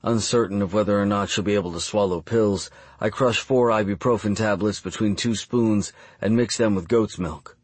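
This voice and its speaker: A man reading a first-person audiobook narration in a measured, even storytelling delivery. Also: fairly low pitch, dry recording.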